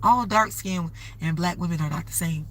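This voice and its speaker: Rambling conversationally on her live stream, a woman frequently breaks off to request donations. She speaks at a normal speed in a lowish, fairly bright voice.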